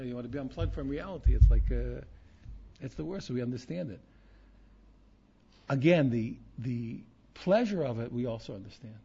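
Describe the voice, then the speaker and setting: Animated, gravelly man teaching a Torah class. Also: mid-range voice, muffled recording, a little hiss or hum. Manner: animated, repetitive, restarts often, asks "you understand?". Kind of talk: informal Torah talk.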